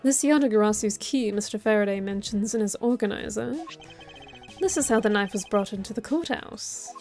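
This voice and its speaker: A woman voicing a calm, logical male prosecutor, reading game dialogue aloud in a measured, formal way. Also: mid-range voice, faint music behind, natural voice. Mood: reasoning.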